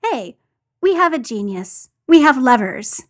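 A woman's voice: high-pitched, very animated, a little slow. A woman reading the part of a sardonic, tired male team leader. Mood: wry. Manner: dry, sardonic.

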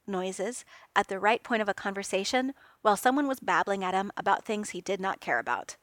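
A woman reading a fan fiction story aloud in an expressive, lively way. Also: mid-range voice, moderate pace, no room sound. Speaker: reader.

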